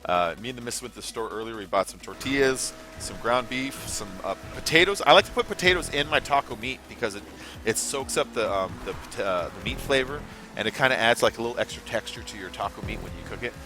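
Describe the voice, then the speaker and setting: A young man chats loosely while streaming a game, his pitch jumping up and down as he rambles. His voice is bright and forward, with a swear tossed in here and there. Faint music and game sounds run underneath. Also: expressive, fast. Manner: rambling, swears freely, reads chat aloud. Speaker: gaming livestream host. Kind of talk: casual livestream chat over gameplay.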